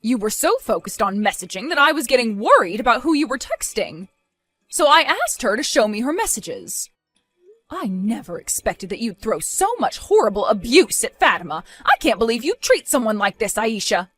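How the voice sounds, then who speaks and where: A disappointed mother near retirement, calm, stern and reproachful, as a woman acts her out. Her voice still moves a lot in pitch. Quiet music runs underneath. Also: moderate pace. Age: 50s.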